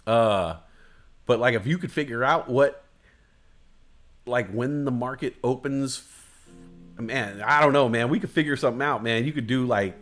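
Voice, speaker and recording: A man hosting a livestream in a loose, rambling rant. He swears constantly and hammers his points through repetition, drifting from one tangent to the next. His voice sits at an ordinary middle pitch. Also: normal speed, long pauses, fairly bright tone, soft background music. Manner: heavy swearing, emphatic repetition; loose, digressive, chuckles at his own jokes. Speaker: livestream host.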